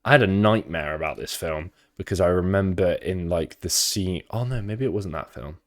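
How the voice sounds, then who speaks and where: A man's voice: low voice, normal speed. A man with an English Midlands accent, streaming and chatting casually with rambling, sweary talk. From England, Midlands. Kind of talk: casual live reaction chat.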